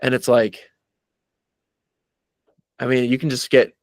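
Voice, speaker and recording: A man in casual podcast chat, talking in a relaxed, halting way with many filler words. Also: medium pitch, no echo. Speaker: podcast co-host.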